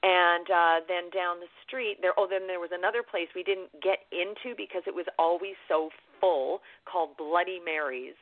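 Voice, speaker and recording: Woman, casual chat, relaxed, filler words, lowish pitch, phone-line sound. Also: moderate pace, hardly any pauses. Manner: relaxed, chatty, many fillers. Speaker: guest describing travel.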